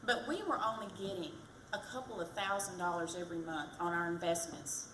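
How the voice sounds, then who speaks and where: Brisk and fairly low-pitched, a woman campaigns for county treasurer at a fire department community event, keeping things chatty and self-deprecating. Background noise, echo, and a distant mic mark the recording.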